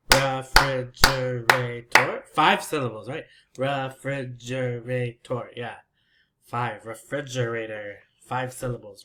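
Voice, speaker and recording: A man teaching a simple English lesson, patiently repeating words and laughing softly. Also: medium pitch. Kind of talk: slow, simple language lesson.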